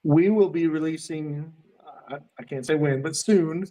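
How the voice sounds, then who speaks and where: A man who is a guest on a podcast, speaking in casual chat about his upcoming detailing products, halting, with many fillers and restarts. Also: fairly high pitch, warm tone.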